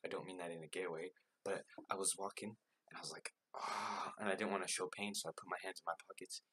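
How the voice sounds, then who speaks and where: Young male vlogger, deep and slightly raspy, with a forceful edge. Loose, filler-heavy, self-deprecating storytelling. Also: little pitch movement, fast. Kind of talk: casual storytelling.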